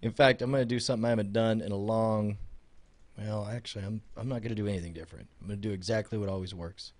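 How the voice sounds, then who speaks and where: A man's voice: fairly low pitch, fairly even intonation. Chatty man hosting a podcast aftershow. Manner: chatty, rambling, quick to laugh. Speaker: podcast host. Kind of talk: casual chat.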